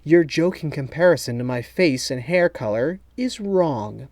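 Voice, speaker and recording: A man's voice: a little high, animated, measured pace, a little mellow, dry recording. A man voicing an eager, wisecracking young male junior spy in a storybook reading, in a plain, slightly cheeky voice. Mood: plucky.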